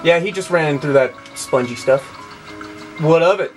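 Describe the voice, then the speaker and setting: A man with a voice on the high side plays a video game at normal speed, delivering sarcastic commentary full of swearing as a let's play gamer. Video game music runs in the background.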